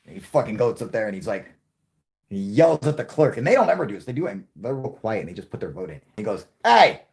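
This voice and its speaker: A man's voice: on the low side, sing-song, fast, warm tone, husky. A man vlogging to camera in a casual, profane, rambling rant, telling stories with lots of laughs and swearing.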